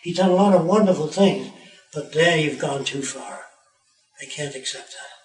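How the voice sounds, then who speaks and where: An elderly man over ninety giving a rambling, animated talk to visitors as a tour guide. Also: a little high, moderate pace, roomy sound, recorded from a distance, rough recording.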